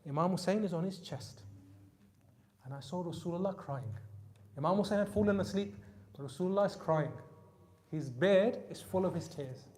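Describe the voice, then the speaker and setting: Guy preaching a sermon, kinda high mellow voice, tells stories, goes loud then quiet. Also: normal speed, long pauses. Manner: storytelling, rising to emphatic peaks then dropping soft. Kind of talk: Muharram majlis sermon. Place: mosque hall.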